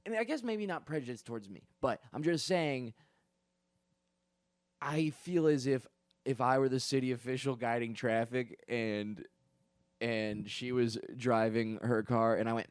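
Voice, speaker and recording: A man's voice: mid-range voice, normal speed, dry recording, studio quality. Rambling young man telling stories. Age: young adult. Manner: rambling, digressive, full of fillers and restarts; profane, self-deprecating asides. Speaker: comedian podcast host. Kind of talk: casual comedic storytelling.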